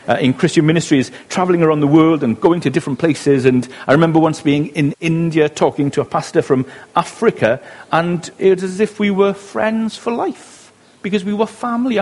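A man's voice: a little high, darkish tone. A middle-aged man from West Wales with a Welsh accent, preaching a conversational sermon and asking the listeners rhetorical questions.

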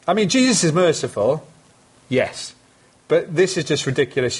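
A man's voice: a little high, expressive, normal speed, pauses often, slightly rough. A man preaching a sermon, earnest and conversational, with emphatic asides to his congregation.

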